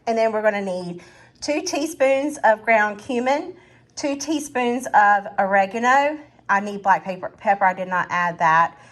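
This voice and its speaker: A woman's voice: medium pitch, animated, moderate pace, fairly bright tone. A woman hosting a casual cooking vlog in her home kitchen, chatty and self-deprecating as she talks straight to her viewers. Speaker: cooking channel host. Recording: clear kitchen noise behind. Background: pots, pans and whisking.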